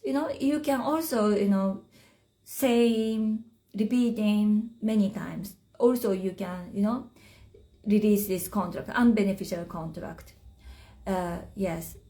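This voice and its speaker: A woman whose first language is Japanese leads a live spiritual chat in unhurried, halting English. Her voice is mellow and warm, and she pauses often to find the right phrase. She is talking into a phone. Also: mid-range voice. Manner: halting, searching for words in English. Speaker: spiritual teacher.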